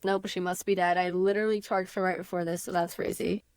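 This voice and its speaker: A young woman co-hosting a casual podcast chat over a video call, relaxed and agreeable, with frequent fillers. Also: fairly low pitch, fast talker, clear, resonant tone, no echo. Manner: relaxed, agreeable, uses "like" often. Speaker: podcast co-host.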